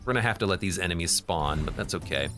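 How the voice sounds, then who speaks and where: Animated man talking through a game. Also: deep voice, quick pace, faint music behind. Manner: thinks aloud, plans moves, corrects himself. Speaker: streamer. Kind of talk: live game commentary.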